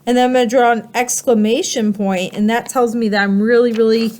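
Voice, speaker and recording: Woman, kindergarten teacher, recorded writing lesson, slightly high voice, sing-song and animated. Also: slight background noise. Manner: slow, animated, sing-song teacher talk with questions to the class.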